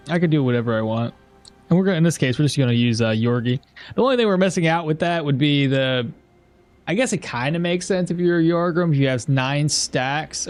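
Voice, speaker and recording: A man giving casual gameplay commentary, thinking aloud as he plays and laughing at chat messages. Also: mid-range voice. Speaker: gameplay streamer.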